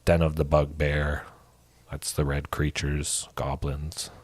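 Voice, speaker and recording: A man streaming a card game, commenting casually and thinking aloud, with excited exclamations and a lingering cough. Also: extremely low pitch, slow, breathy edge. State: coughing, with a cold.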